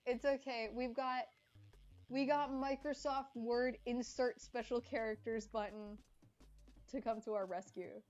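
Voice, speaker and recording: Woman, live streamer, casual chatter, slightly congested, higher voice, dull lo-fi audio. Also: fairly even intonation, measured pace, darkish tone. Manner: chatty, reading and answering chat.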